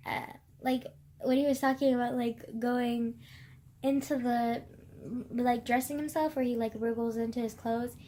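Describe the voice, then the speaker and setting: A woman's voice: on the high side, fairly even intonation, measured pace, pauses often, darkish tone. A young woman vlogging about a book she loves, rambling casually with constant fillers and frequent swearing. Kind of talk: casual chat.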